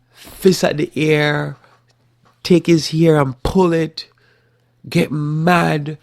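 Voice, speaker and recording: Animated male Bible teacher, deep and creaky, breaks into loud acted-out outbursts. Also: dry recording, clean studio sound. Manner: animated, acts out scenarios with sudden loud bursts. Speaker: Bible teacher hosting a live talk program.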